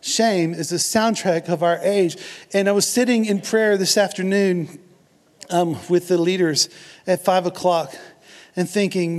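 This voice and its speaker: A man's voice: sits high, fairly even intonation, measured pace, a little mellow. A man preaching a sermon in an earnest, conversational way, with jokes and asides to the congregation. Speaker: pastor.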